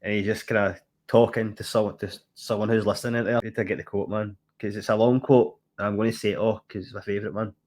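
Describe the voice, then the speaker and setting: A man's voice: lowish voice, level tone, fast, few pauses, a little mellow. A man co-hosting a podcast, chatting casually in a rambling, easily amused way. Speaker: podcast co-host. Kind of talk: casual chat.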